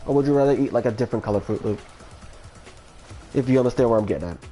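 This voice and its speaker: A man's voice: medium pitch, very fast, dark tone, faint music behind. A man from Florida chatting casually on a livestream, rambling and hesitant, with many fillers and restarts. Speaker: streamer.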